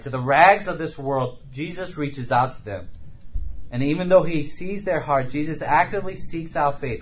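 A man's voice: fairly high pitch, muffled recording, slight background noise. A man preaching a sermon in a conversational way, often asking rhetorical questions.

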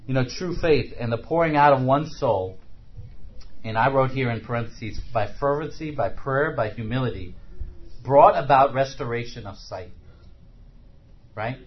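A man's voice: mid-range voice, normal speed, highs cut off. A man preaching a sermon in a conversational way, often asking rhetorical questions.

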